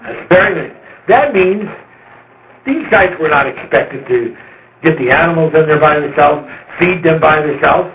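A man's voice: fairly high pitch, animated, normal speed, a bit bright, a little hiss or hum. Man teaching scripture in a roomy hall. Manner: conversational and emphatic, repeating words for stress. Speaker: Bible teacher. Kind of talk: informal Bible study lecture. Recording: roomy, dull lo-fi recording.

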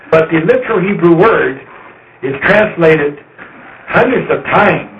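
A man with a fairly high voice gives a loose, conversational Bible lesson and repeats words for emphasis. The recording is roomy and dull, with a faint hiss behind him. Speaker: Bible teacher. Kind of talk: informal Bible study lecture.

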